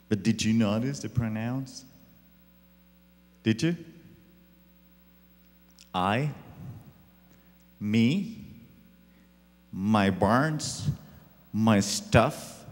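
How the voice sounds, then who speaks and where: Man, pastor, sermon, slow and drawn out, animated pitch, echoey church hall. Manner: dramatic, swings from loud to hushed. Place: church sanctuary.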